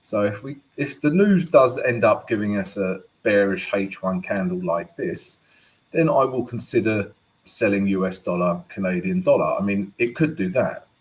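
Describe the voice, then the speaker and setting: A man's voice: on the low side, lively intonation, moderate pace, poor audio. A man hosting a live trading stream, chatty and upbeat, thinking aloud with fillers and tag questions as he walks through charts and greets viewers by name. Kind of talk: casual live-stream market commentary.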